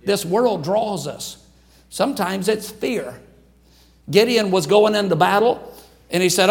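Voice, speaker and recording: An older man, preaching a folksy sermon and acting out quotes in lively voices. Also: sits high, slow pace. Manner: folksy, animated storytelling with acted quotes. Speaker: pastor.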